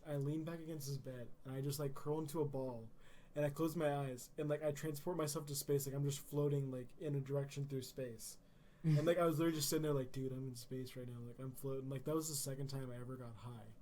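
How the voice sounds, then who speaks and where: Fast-talking young man, quick and joking. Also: medium pitch, fairly even intonation, darkish tone, slight background noise. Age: young adult. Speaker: podcast co-host. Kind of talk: casual podcast chat.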